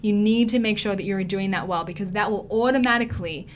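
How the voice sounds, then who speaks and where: A woman's voice: mid-range voice, quick pace. A woman with an Australian accent giving an online acting lesson, emphatic and repeating key words for stress. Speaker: acting teacher.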